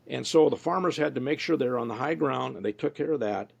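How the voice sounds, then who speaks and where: Gravelly-voiced man telling stories. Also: medium pitch, quick pace, few pauses. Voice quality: gravelly, husky. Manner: storytelling, quoting others in voices. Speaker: interview guest, researcher. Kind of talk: casual conversational interview.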